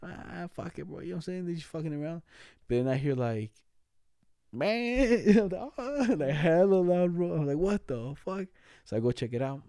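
A young man with a very dark, mellow voice spins stories in laid-back chat, full of slang and swearing. He laughs through his lines. The room is dry and close. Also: a little high, animated, a little fast, dry recording. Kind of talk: casual chat.

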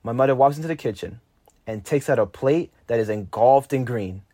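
A teenage boy reading a personal story aloud, lively and lifting his voice for his own quoted lines. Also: fairly quick, dry recording, studio quality. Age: teens. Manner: lively, jumps higher when quoting his younger self. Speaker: narrator.

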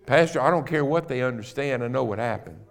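A middle-aged man, a guest preacher in a church, telling his own conversion story and building to loud, emphatic preaching. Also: medium pitch, lively intonation, a little fast, creaky. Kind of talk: sermon. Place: church sanctuary.

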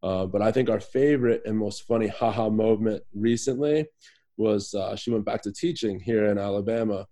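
Easygoing low-voiced man, mellow tone. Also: moderate pace. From Virginia, USA. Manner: easygoing, rambling, many fillers. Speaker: podcast guest, professional soccer player. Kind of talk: casual interview chat.

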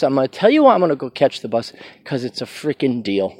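Brash, lively man ranting. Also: mid-range voice, quick pace, dry recording. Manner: brash, sarcastic rant. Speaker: podcast host. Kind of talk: casual monologue.

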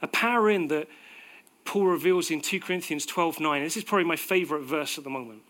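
A man preaching a sermon in a conversational, animated way, acting out little quotes as he goes. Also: a little high, fairly quick.

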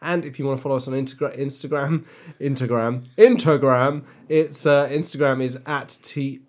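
A man co-hosting a casual podcast, relaxed and quick to laugh. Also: mid-range voice. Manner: relaxed, laughs often, spells out handles. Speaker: podcast co-host. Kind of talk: casual chat.

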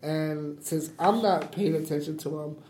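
A young man with a deep, raspy voice from smoking, talking casually in an interview, halting and repeating himself with lots of "like". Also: darkish tone, slight background noise. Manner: halting, repeats words, says "like" often. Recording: roomy echo.

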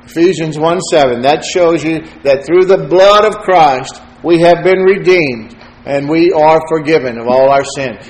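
A man's voice: fairly high pitch, unhurried. Fervent preacher man in an echoey church. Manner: preaching with rising fervor, quoting scripture and addressing congregants by name. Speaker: pastor. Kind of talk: sermon.

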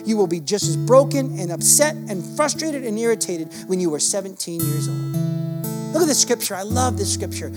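A man preaching a sermon in a church hall, swinging between fervent loud passages and hushed ones. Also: high-pitched. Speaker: pastor. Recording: long hall reverb with soft guitar behind.

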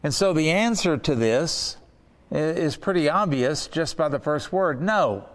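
A man teaching a Bible study lesson in an earnest way, slowing down to stress key words. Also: a little high, expressive, big-room sound.

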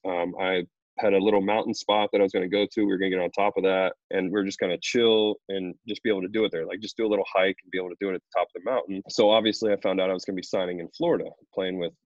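A man's voice: low-pitched, rapid-fire, dry recording, dull audio. Laid-back man telling a rambling story. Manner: relaxed, rambling storyteller with many fillers. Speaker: pro baseball pitcher, interview guest. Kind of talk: casual interview chat.

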